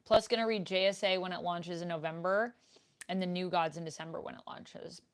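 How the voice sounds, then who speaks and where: Young woman streaming from home, slightly low voice, chatting and reading chat comments into a desk mic. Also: steady tone, a little fast. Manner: chatty, reads viewer comments aloud. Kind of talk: casual live Q&A chat. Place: home room, indoors. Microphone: desk microphone.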